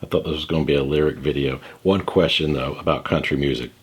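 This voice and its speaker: A man in his forties with a deep, slightly husky voice hosts a music reaction video. He talks in a relaxed, wry way, dropping sarcastic and playfully theatrical asides. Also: fast. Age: 40s. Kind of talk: casual reaction commentary.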